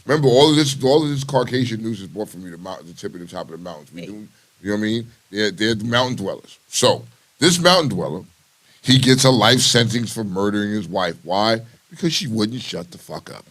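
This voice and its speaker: Animated man hosting a raw chat show. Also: lowish voice, fairly quick. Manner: animated, hyped segment intros, swears freely. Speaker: podcast host. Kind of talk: casual uncensored chat.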